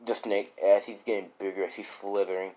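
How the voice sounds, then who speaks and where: A man improvising a fan-made story out loud, rambling and full of fillers. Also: on the low side, level tone, brisk.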